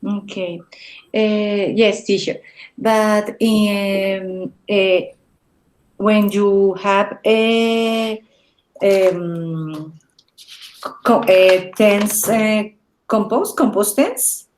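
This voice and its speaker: A woman student whose first language is Spanish, asking a grammar question in English with many hesitant "eh" and "um" pauses. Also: medium pitch, steady tone, a little mellow. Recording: echoey room.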